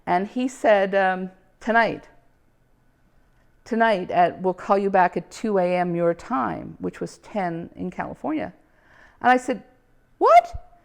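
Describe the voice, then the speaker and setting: A woman's voice: mid-range voice, a little slow, gravelly. A woman casually telling her own story, animatedly acting out the quoted dialogue and laughing often.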